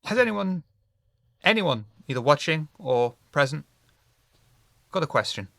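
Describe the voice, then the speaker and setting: A man's voice: mid-range voice, expressive, unhurried, a bit bright, no echo, studio quality. A man hosting a casual podcast chat, wry and offhand, swearing now and then for emphasis.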